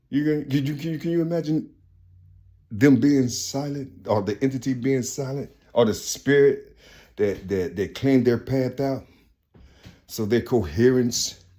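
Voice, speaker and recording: A man holds forth in a loose, rambling monologue thick with street slang and profanity. His pitch sits in a middle range, and he keeps talking straight on without a script. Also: warm tone.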